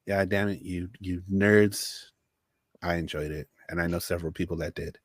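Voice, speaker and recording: A man's voice: sits low, fairly even intonation, moderate pace, dry recording, clean studio sound. A man co-hosting a podcast, stammering into wry asides during casual chat.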